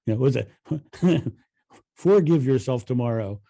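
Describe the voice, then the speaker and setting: A man's voice: medium pitch, animated, a little slow, creaky, dark tone. A man co-hosting a spiritual podcast, talking casually, laughing easily and repeating phrases. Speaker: podcast co-host.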